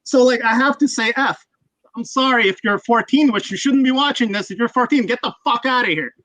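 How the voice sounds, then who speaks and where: Male streamer, crisp bright tone, dry mic, foul-mouthed and rambling. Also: extremely high pitch, brisk, no echo, highs cut off. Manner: profane, ranting, rambling. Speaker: livestream host. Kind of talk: casual livestream chat.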